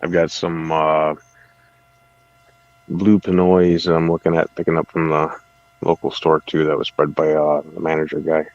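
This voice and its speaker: A man's voice: extremely low pitch, monotone, unhurried, no room sound, muffled recording. A man co-hosting a livestream, chatting casually and rambling in a laid-back way. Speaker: livestream co-host. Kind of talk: casual chat about fish tanks.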